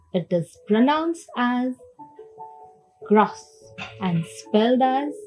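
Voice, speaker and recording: A woman French teacher giving a slow, careful lesson, spelling out words letter by letter. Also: on the high side, darkish tone, low-quality recording.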